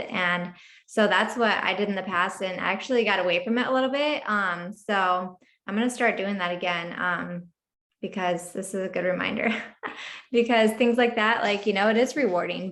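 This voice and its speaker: A woman's voice: mid-range voice, steady tone, moderate pace, a bit bright, echoey room. A woman chatting casually in a book club discussion over a video call, rambling with many fillers.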